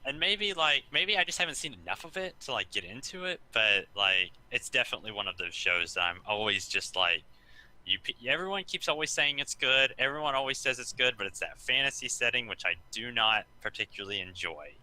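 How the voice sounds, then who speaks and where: A man's voice: mid-range voice, animated, fairly quick, pushed and bright, low-quality recording. A man co-hosting a podcast in casual chat, talking hesitantly with many ums and likes. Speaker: podcast co-host.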